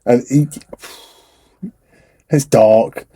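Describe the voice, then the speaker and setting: A young man co-hosting a podcast, telling relaxed anecdotes and swearing casually. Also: mid-range voice, drawn-out words. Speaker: podcast co-host. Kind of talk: casual chat.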